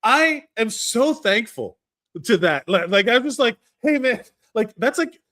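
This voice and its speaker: A man's voice: very high-pitched, lively intonation, unhurried, bright, forceful tone. A man hosting a podcast, chatting casually with jokey, playful banter. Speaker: podcast host.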